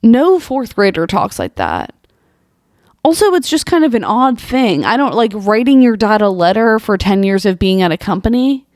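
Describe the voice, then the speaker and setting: A woman's voice: mid-range voice, sing-song, normal speed, a little mellow, no echo, studio quality. A young woman hosting a comedy monologue show, reading social media posts aloud and reacting with exasperated, incredulous rhetorical questions. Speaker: podcast host.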